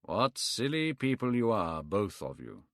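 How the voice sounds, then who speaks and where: A man voicing a witty, cynical aristocratic gentleman in a cool, dry manner. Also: on the low side, sing-song, measured pace, no echo. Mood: dismissive.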